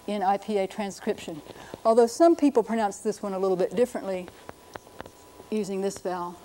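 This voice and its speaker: Woman, linguist teaching a lesson, mellow voice, brisk explaining, faint hiss. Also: medium pitch, poor audio. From United States. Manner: explanatory, brisk, demonstrating sounds aloud. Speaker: linguist presenter.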